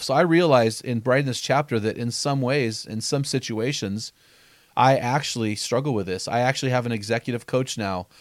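A man speaks at a middle pitch in an earnest, conversational podcast manner, teaching through stories. He reads quotes aloud and often repeats words as he restarts a thought. The recording is dry and close, with no room echo. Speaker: author and podcast host.

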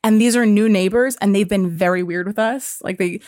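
Young female co-host, animated and profane, mid-range voice, dry close mic. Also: mid-range voice, a little fast, no echo. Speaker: podcast co-host. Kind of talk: casual storytelling chat.

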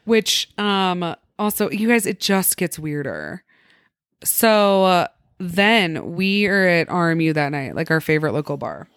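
A young woman co-hosting a podcast, telling stories in an animated way with laughter and acted-out voices. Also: fairly low pitch, unhurried, clean tone, no room sound, studio quality. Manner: animated, laughing, acts out quoted people. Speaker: podcast co-host. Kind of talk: casual storytelling chat.

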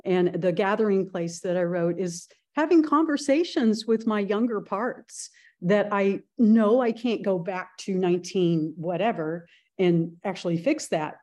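A woman's voice: mid-range voice, measured pace, warm tone. A woman guest on a podcast, telling her personal story in a reflective way. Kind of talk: casual interview chat.

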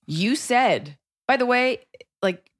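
A woman comedian co-hosting a casual chat, giving blunt and animated opinions. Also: on the high side, slow pace. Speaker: podcast co-host and comedian.

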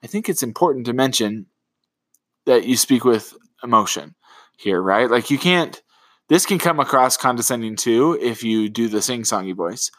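A man's voice: medium pitch, normal speed, no room sound. A man co-hosting a parenting podcast, talking casually and loosely, with lots of fillers. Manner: relaxed, rambling with many fillers. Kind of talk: casual conversational chat.

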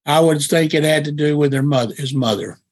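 Blunt, opinionated man, fairly high-voiced. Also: brisk. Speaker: football analyst guest and columnist. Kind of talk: sports talk radio discussion.

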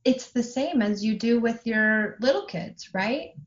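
Calm, steady woman explaining parenting. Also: a little high, unhurried. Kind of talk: casual podcast conversation. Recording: slightly dull, lo-fi sound.

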